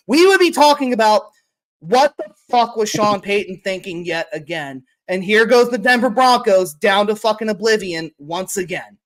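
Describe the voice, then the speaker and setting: A woman co-hosting a casual sports podcast, ranting profanely and with exasperation. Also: mid-range voice. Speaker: podcast co-host.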